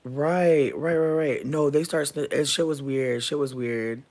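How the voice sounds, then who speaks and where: A man's voice: fairly high pitch, fairly even intonation, a little slow, a little mellow. A man telling an emotional storytime to his viewers, profane and rambling, full of fillers. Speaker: vlogger. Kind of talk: candid storytime rant.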